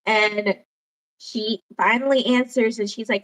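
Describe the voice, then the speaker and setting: A woman co-hosting a casual talk show, excitable and quick to laugh. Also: on the high side, low-quality recording. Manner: giggly, excitable. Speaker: podcast co-host. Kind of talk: casual chat.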